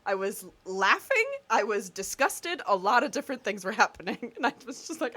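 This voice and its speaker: A woman co-hosting a podcast tells stories in casual chat, laughing often, animated and expressive. Her voice is on the high side, at a moderate pace with few pauses.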